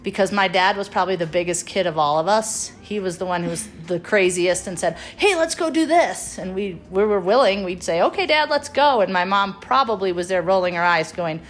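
A woman's voice: fairly low pitch, fairly even intonation, fairly quick, few pauses, slight background noise. A woman in her fifties from Wisconsin, one of five siblings, fondly recalling her mother and family trips in an interview. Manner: warm, fond recollection with fillers and acted-out quotes.

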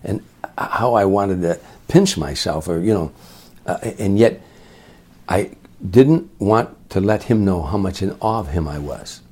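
Husky, mellow older man. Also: deep voice, a little slow. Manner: lively storyteller who acts out other people's voices. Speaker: comedian guest. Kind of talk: anecdotal storytelling.

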